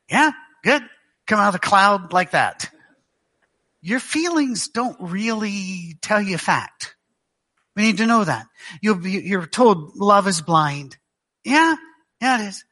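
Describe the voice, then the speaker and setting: Middle-aged Glaswegian preacher, bright ringing tone, dry wit, stop-start delivery. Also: male voice, high voice, sing-song. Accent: Glaswegian Scottish. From Scotland. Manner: dry joking storyteller with halting restarts. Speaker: guest preacher. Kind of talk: sermon. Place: church.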